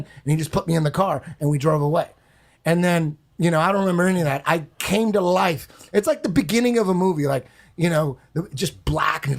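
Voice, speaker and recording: A man's voice: fairly high pitch, fairly quick, vocal fry. A man telling a long story on a podcast in a casual, rambling way, swearing often and repeating himself. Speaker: podcast guest.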